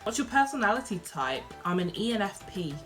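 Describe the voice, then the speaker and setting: A young woman from Birmingham with a softened Brummie accent, chatting casually through a Q&A vlog, reading each question aloud and answering with lots of ums and likes. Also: mid-range voice, sing-song, fairly quick, soft background music. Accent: Birmingham English, softened. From Birmingham, England. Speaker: vlogger.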